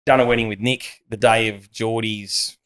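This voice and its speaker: A man's voice: on the low side, fairly even intonation, normal speed, fairly bright tone, smooth. A man, a podcast host telling rambling anecdotes in casual chat and acting out the people in them.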